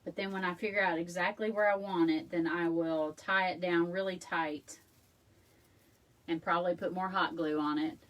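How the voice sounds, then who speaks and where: A woman's voice: fairly low pitch, steady tone, moderate pace, recorded from a distance, highs cut off. A woman chats casually through a craft tutorial at home. She is talkative and self-deprecating, and she calls her viewers y'all. Her voice sits a little back from the mic. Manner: chatty and self-deprecating, laughs often, addresses viewers as y'all. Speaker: crafting video host. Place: home craft room, indoors.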